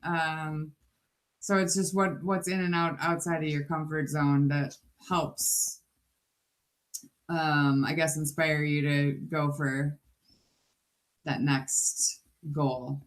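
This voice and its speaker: Woman guest, lowish voice, hesitant and thoughtful, filler-heavy. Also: flat delivery, slow. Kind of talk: casual chat.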